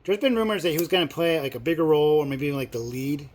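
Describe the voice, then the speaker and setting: A middle-aged movie vlogger chats casually at a very fast clip, his voice sitting a little high for a man. He rambles from point to point with plenty of fillers, bursting out with excitement every so often.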